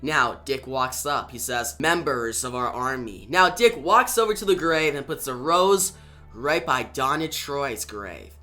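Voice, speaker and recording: A man's voice: on the high side, very animated, unhurried, sharp tone, soft background music. A man reviewing a comic book, retelling the story in a casual way with chatty asides.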